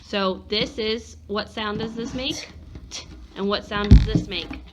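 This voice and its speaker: A woman's voice: medium pitch, steady tone, measured pace, noisy background. A woman teacher giving a one-on-one phonics lesson, patiently sounding out letters and words.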